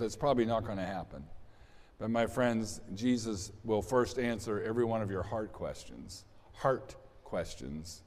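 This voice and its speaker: A man's voice: mid-range voice, a little mellow. A man preaching an Easter sermon as pastor, conversational and rambling, with restarts and asides to the congregation. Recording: long hall reverb.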